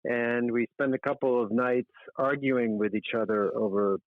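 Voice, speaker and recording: A man's voice: medium pitch, fairly even intonation, normal speed, no echo. A middle-aged man, a magazine editor, chatting casually as a guest in a podcast interview, rambling and self-deprecating. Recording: tinny phone-like line, dry.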